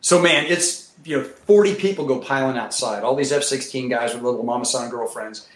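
A man telling profane, animated war stories as a former military pilot, acting out what people said. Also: mid-range voice, brisk. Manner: profane, animated, acts out quotes. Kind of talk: casual storytelling chat. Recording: echoey room with faint noise.

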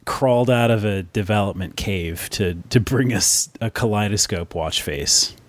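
A man's voice: on the low side, unhurried, no room sound. A man hosting a casual tech chat, rambling and correcting himself as he goes, laughing easily.

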